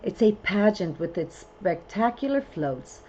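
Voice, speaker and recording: A woman astrologer hosting a full moon program in a casual, chatty way. She loosely strings her phrases together with many fillers and often breaks into excited whoops. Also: mid-range voice, measured pace, lo-fi sound, a little hiss or hum. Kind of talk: casual spoken forecast.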